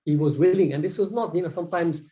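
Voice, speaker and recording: Earnest male lecturer, slightly high mellow voice. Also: fast talker, muffled recording. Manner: earnest, stop-start storytelling. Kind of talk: devotional scripture lecture.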